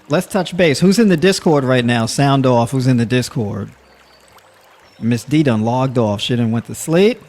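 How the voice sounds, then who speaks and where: A man of middle pitch hosts a loose, chatty livestream. He talks straight to his audience, slips in easy laughs and lots of filler words as he rambles on. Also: normal speed, darkish tone. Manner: addresses audience with y'all. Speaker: livestream host. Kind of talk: casual livestream talk to the chat.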